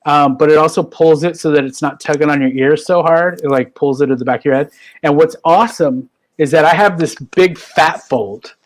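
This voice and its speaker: Male host, slightly high voice, loose rambling delivery with lots of fillers, remote call. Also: brisk. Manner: rambling, many fillers and restarts. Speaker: talk show host. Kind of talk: casual chat on a live video call.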